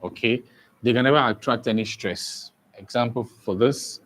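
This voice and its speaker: A man's voice: medium pitch, fairly bright tone. A man teaching an English exam-prep lesson, repeating each point and often asking if students understand. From Nigeria. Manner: slow, repetitive, checks understanding often.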